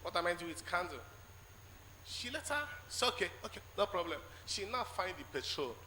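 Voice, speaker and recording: A man with a Nigerian English accent giving a spoken testimony in church, telling his story haltingly and acting out the conversations in it. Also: on the high side, expressive, sharp tone. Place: large church hall. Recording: echoey church hall with faint noise.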